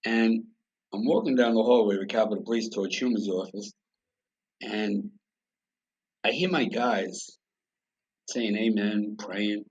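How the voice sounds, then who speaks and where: Blunt, husky-voiced New man. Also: lowish voice, unhurried, long pauses, lo-fi sound. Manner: blunt, profane, animated storyteller. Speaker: podcast guest. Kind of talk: casual storytelling.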